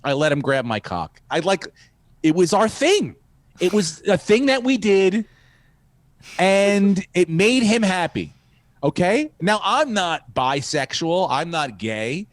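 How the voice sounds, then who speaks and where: A comedian hosting a podcast tells a profane, rambling story, acting out the quotes as he goes. His voice sits high and is very animated but slow, and the recording is dry.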